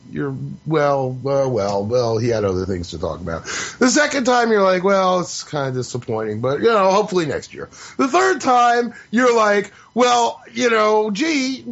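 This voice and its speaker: A man's voice: high-pitched, a bit bright. A man hosting an opinion podcast, venting in an exasperated, sarcastic, profane rant. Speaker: podcast host. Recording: slightly muffled lo-fi audio.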